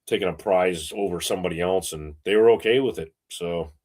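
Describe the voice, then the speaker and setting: A man co-hosting a casual chat show who rambles through animated stories full of fillers. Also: sits low, a little fast. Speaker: co-host.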